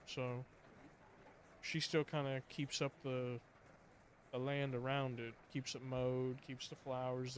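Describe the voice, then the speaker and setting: A man's voice: mid-range voice, a little hiss or hum, natural voice. A man voicing a polite, chatty small-town rural local who rambles with folksy hesitations.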